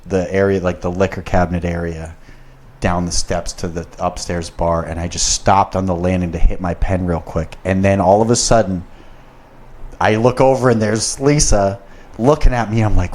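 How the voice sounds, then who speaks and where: A young man with a slightly low voice tells a workplace story on a podcast. He rambles and swears a lot, piling on fillers and asides. He gets heated as the story builds. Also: a little mellow. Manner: profane and rambling, gets worked up. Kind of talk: casual storytelling.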